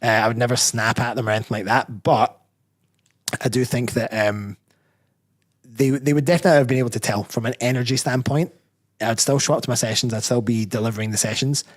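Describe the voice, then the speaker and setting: A Scottish man speaking in a casual podcast interview, his voice sitting at an ordinary middle pitch. He thinks out loud, wandering through long sentences and correcting himself as he goes. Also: fairly even intonation, quick pace. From Scotland. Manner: reflective, rambling, frequent self-corrections. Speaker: personal trainer and bodybuilder guest.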